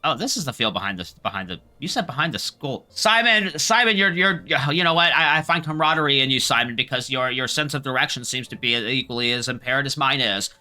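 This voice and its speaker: A man's voice: mid-range voice, quick pace, hardly any pauses, pushed and bright. A man giving casual gameplay commentary as the video host, rambling and joking with bits of swearing.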